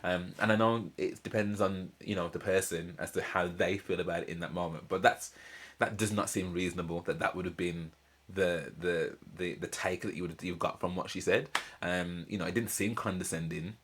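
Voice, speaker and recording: A man's voice: low voice, moderate pace, husky. A young man, casually commenting and ranting while reacting to a reality show. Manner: animated, ranting, slangy, repeats himself. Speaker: reaction channel host.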